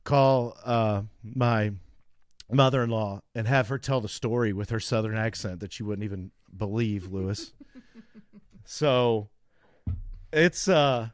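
In a casual podcast chat, a co-host in his thirties tells long, wandering stories and laughs often. He speaks slowly in a lowish voice, with no echo on the recording.

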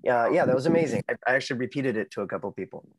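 A man co-hosting a podcast in relaxed, casual chat, full of ums and easy laughter. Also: medium pitch, very fast, noisy background. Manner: easygoing, filler-heavy, laughs easily. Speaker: podcast co-host.

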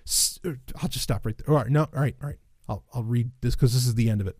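A man's voice: medium pitch, quick pace, a little mellow, dry recording, clean studio sound. A man giving a casual, sardonic commentary monologue, rambling with restarts and swearing, then flaring into exasperated rants. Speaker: commentator reacting to a blog post.

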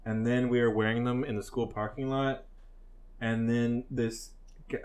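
A man's voice: medium pitch, level tone, a little slow, a little mellow. A young man hosting a casual podcast, telling prank stories loosely with a lot of swearing and frequent laughter. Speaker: podcast host. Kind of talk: casual chat.

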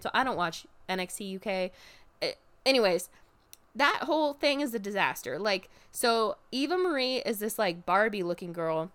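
A woman recapping a show in casual chat, animated and expressive, swearing freely and jumping up in pitch when excited. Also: moderate pace, smooth. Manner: jumps high in pitch when excited, drops low for asides.

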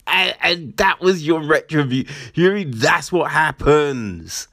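A man's voice: a little high, lively intonation, slow, a bit bright, no room sound, clean studio sound. A man ranting about the news in a casual, sarcastic and profane way, often asking "right?". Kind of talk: casual commentary rant.

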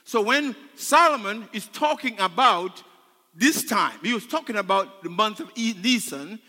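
A male pastor preaching a sermon, leading his congregation in call and response and swinging between loud shouts and hushed tones. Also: sits high, animated, measured pace, big-room sound. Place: church sanctuary.

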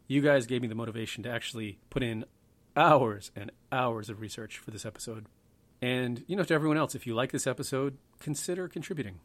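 Guy hosting a history podcast, rambly and offhand, jokes at his own expense. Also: mid-range voice. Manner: rambling, offhand, self-deprecating asides. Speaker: podcast host. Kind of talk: casual history podcast talk.

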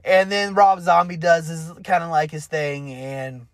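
A man's voice: fairly high pitch, steady tone, a little slow, no echo, studio quality. A young man casually retelling a movie he loves, rambling with many fillers and restarts and swearing freely. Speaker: movie fan retelling a film.

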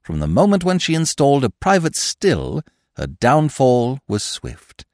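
A man voicing a suave, verbose young gentleman in a storybook reading, speaking in ornate, grave, mock-sincere sentences. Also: medium pitch, wildly swooping pitch, measured pace, dry recording, studio quality, voice pushed up. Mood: mock-solemn.

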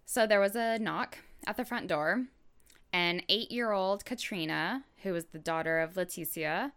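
A woman hosting a podcast, telling a true crime story in a relaxed, casual way with lots of fillers and asides. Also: mid-range voice, measured pace, clean tone.

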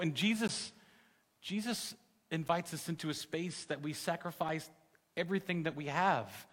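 A man in his forties preaching a sermon in a conversational way, calling out to the congregation and dropping soft in emotional moments. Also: fairly high pitch. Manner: conversational, calls on the audience, drops to soft tones in the emotional story. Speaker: pastor. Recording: long reverb in a large hall.

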